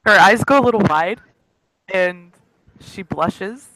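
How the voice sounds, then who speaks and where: A man playing a tabletop role-playing game, describing his character's actions in a halting way. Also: sits high, bright, forceful tone, no echo, poor audio. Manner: halting, full of fillers. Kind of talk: tabletop role-play narration.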